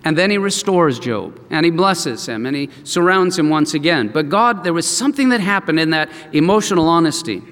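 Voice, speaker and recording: Male pastor, high and animated, storytelling sermon in a big echoing hall. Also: fairly quick, few pauses. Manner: animated storytelling, acts out quoted voices.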